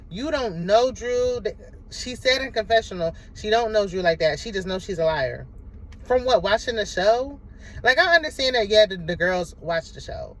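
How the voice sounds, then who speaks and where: A woman's voice: medium pitch, rough recording. A woman giving a casual, sassy recap of a reality TV episode, talking back at the cast as she goes. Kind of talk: casual show recap and commentary.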